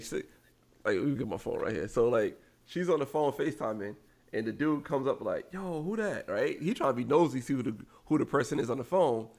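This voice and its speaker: A man with a gravelly, fry-edged voice, chatting casually as a podcast co-host. He tells stories with animated quoted voices, in a middle pitch. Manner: animated storyteller acting out quotes. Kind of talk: casual storytelling chat.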